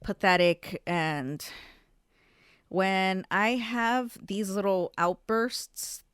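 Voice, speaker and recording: A young adult woman hosting a podcast, telling a story in a casual, profane way with sudden loud outbursts. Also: mid-range voice, drawn-out words, smooth, dry recording, clean studio sound. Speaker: podcast host.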